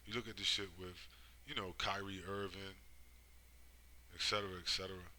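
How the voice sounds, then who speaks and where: A man's voice: low-pitched, level tone, moderate pace, pushed and bright, low-quality recording. A man giving a rambling, profane monologue, driving his points home with constant tag questions. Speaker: commentator. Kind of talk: casual monologue.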